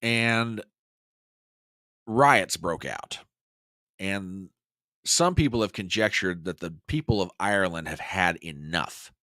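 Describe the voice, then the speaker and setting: A man hosting a casual political commentary show, talking to his listeners in a folksy, animated way. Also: low voice, smooth, dry recording, clean studio sound. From United States. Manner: animated, folksy, talks to the audience as "y'all". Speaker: podcast host.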